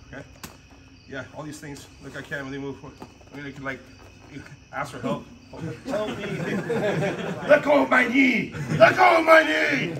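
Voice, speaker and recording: A man teaching jiu-jitsu technique on the mat, talking casually and laughing often while he demonstrates. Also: mid-range voice. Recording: noisy gym audio.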